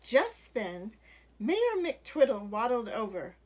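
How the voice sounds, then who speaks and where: Reading a children's picture book aloud, a woman uses a mid-range voice and an expressive, deliberate storytelling style.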